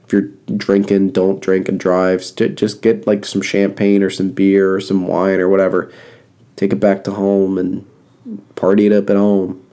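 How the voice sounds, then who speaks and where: Low, dark-voiced congested man on a podcast. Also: moderate pace. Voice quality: flat monotone. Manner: rambling, repeats advice with fillers. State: congested and coughing. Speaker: podcast host. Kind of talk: casual solo podcast talk. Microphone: close podcast mic.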